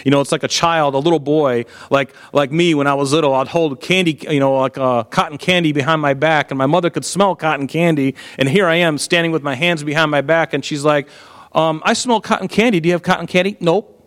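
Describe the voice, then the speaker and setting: A middle-aged man preaching a sermon in a conversational, animated way, full of rhetorical questions. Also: on the high side, brisk, clear, resonant tone, long reverb tail. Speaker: pastor.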